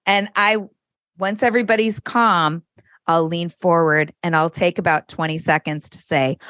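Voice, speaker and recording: A woman's voice: fairly low pitch, fairly even intonation, moderate pace, fairly bright tone, no echo, studio quality. A middle-aged woman, a parenting coach, talking candidly and frankly as a podcast guest, swearing freely. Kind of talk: casual conversation.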